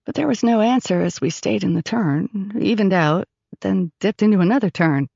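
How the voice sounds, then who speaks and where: A woman narrating an audiobook in first person, expressive and storytelling. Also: medium pitch, moderate pace, vocal fry, no room sound, highs cut off.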